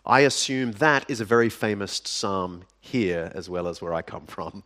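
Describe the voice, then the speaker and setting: A man preaching a sermon, speaking deliberately with dramatic pauses and sudden drops to a hush. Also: fairly low pitch, lively intonation. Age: adult. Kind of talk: sermon to a live audience.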